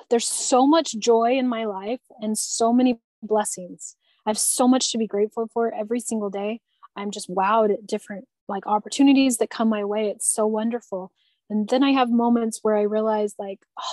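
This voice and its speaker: A woman's voice: on the high side, steady tone, normal speed, darkish tone, no room sound. A woman sharing personal experiences in a conversation, talking in an earnest, tender way with frequent restarts. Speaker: guest.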